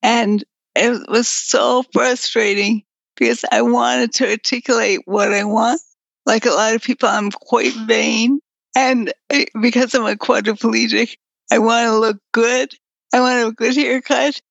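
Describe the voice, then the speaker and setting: A female artist and writer, appearing as a guest in a casual interview, talks candidly and bluntly with some mild swearing, her weak voice fading in and out. Her voice is slightly high, gravelly, and fairly even in intonation at a measured pace, on a dull lo-fi recording with no room sound.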